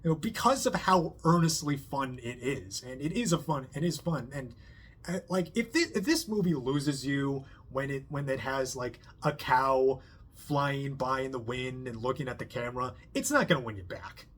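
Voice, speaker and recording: A man giving a casual spoken movie review, rambling with lots of fillers, restarts and quick impressions. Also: medium pitch, lively intonation, fairly bright tone, slightly rough.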